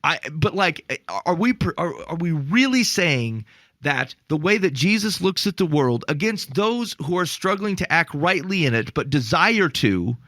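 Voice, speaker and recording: A man's voice: fairly high pitch, sing-song, unhurried, pushed and bright, no room sound. A man co-hosting a casual podcast about faith, telling stories with acted-out quotes and exasperated asides. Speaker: podcast co-host.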